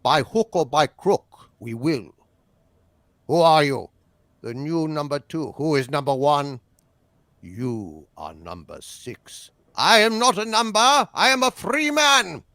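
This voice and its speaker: A clipped, deliberate British voice trades terse lines like an old television spy drama, as a man puts it on. The delivery is slow and measured, a little lower than his usual voice. The sound is dry and close. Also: lively intonation, pushed and bright, dry recording, exaggerated voice. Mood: tense. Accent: British English impression. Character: British spy and his cold interrogator, middle-aged men.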